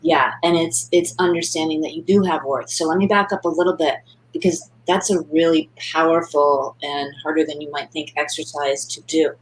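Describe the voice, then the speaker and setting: A woman's voice: deep voice, fairly even intonation, normal speed, low-quality recording. A woman hosting a webinar interview who reacts eagerly and sums up her guest's points. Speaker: host.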